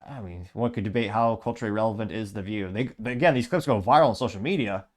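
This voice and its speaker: A man's voice: fairly low pitch, fast talker. Sarcastic man mocking as he reads comments. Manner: sarcastic, mocking, rambling with asides. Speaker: commentary show host. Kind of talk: casual commentary reading social media comments.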